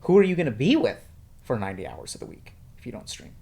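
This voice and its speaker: A man with a measured, questioning way of talking leads a counseling-style conversation. He stops to think and then asks direct, probing questions. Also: mid-range voice, big pitch swings, gravelly, darkish tone. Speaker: psychiatrist guest.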